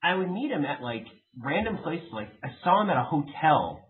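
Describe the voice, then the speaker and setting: A young man co-hosting a podcast, telling stories in an animated way and laughing often. His fairly high voice swoops up and down. The recording sounds thin, like a phone line. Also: normal speed. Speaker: podcast co-host. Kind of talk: casual chat.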